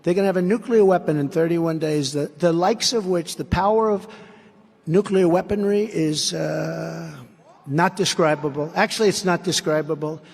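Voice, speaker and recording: Man at a rally, high-pitched voice, punchy and repetitive, wanders off on tangents, long echo of a big hall. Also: normal speed, gravelly, husky. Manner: emphatic, repetitive, rambling asides. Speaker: political candidate. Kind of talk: campaign rally speech.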